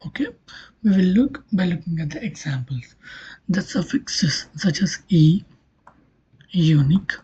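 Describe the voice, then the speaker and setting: A woman giving a recorded linguistics lecture, explaining slowly, her voice often dropping to a near-whisper. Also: fairly low pitch, lively intonation, warm tone, breathy edge. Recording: dull lo-fi recording.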